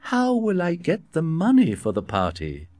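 A man reading a storybook voices a worried wealthy nobleman, speaking higher and fretfully. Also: huge pitch swings, normal speed, a little mellow, no room sound.

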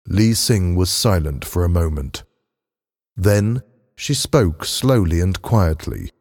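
A man narrating a story aloud in a steady, unhurried reading. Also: sits low. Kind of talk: audiobook narration. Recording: long hall reverb.

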